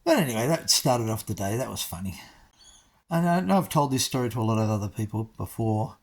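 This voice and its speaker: A man's voice: fairly low pitch, animated, fairly quick. A man, chatting casually to his viewers and telling a story with wry, self-mocking asides. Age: 60s. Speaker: vlogger.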